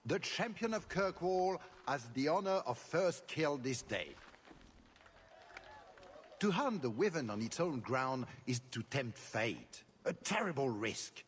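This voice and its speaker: An actor playing a pompous aristocratic duke who speaks in florid, courtly phrases. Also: male voice, a little high, big pitch swings, takes it slowly, slight background noise. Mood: gracious. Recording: long reverb.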